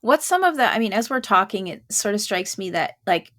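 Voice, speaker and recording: A woman's voice: mid-range voice, very animated, fairly quick, fairly bright tone. Brief: female podcast host, casual and chatty, mid-range voice. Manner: chatty, many fillers like "like" and "you know".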